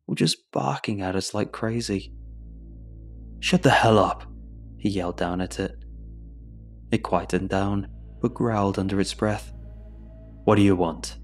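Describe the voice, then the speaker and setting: Male horror narrator, low steady voice, measured delivery, faint music underneath. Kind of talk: scripted horror story narration.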